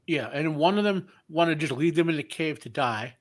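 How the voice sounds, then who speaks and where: A man co-hosting a reaction video in casual group commentary, blunt and quick to interrupt and argue. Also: fairly high pitch, animated.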